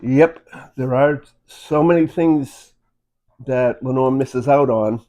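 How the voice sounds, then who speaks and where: A man's voice: mid-range voice, slow pace, dark tone. Rambling, easygoing man co-hosting. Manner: rambling, conversational, with fillers like "you know". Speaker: co-host. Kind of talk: casual chat. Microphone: phone.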